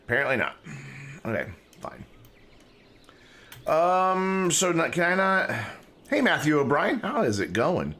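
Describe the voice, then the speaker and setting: A man's voice: on the high side, wildly swooping pitch, measured pace, pauses often, fairly bright tone. A man giving casual, chatty live-stream commentary while playing a game, talking to himself and to his chat. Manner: talking with mouth full.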